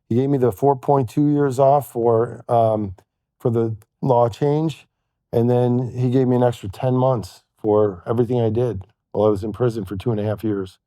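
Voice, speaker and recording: A man telling a long personal story as a podcast guest, halting and quoting what others said to him. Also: mid-range voice, mellow, no echo, studio quality. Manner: halting, retells events with quoted dialogue. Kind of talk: storytelling in conversation.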